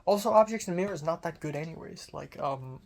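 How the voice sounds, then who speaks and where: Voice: mid-range voice, animated, quick pace, creaky. A young adult film student talking in a casual diary vlog, rambling, self-deprecating and swearing casually.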